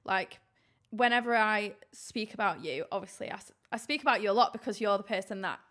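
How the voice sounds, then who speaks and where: A woman's voice: medium pitch, fairly quick, pushed and bright. A young woman hosting a podcast, chatting in an effusive, affectionate way and laughing easily. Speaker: podcast host. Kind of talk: casual podcast chat.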